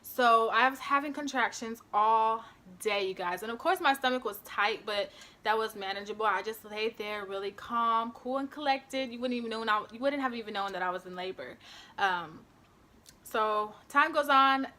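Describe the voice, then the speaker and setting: Her fairly high voice is bright and forceful, moving at a moderate pace. This young beauty vlogger recounts something personal to her camera, emotional and often near tears, filling her speech with lots of fillers.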